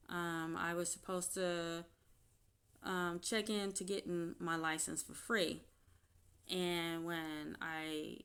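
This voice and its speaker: A woman's voice: fairly low pitch, clean tone. Woman candidly telling a personal story. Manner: candid, halting, grows animated when retelling. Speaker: vlogger.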